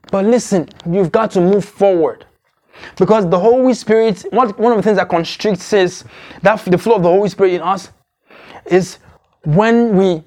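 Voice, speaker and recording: A man's voice: high voice, darkish tone. A man preaching a sermon, repeating phrases and often asking the congregation whether they are following him. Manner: repetitive, exhorting, asks congregation to follow along. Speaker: pastor.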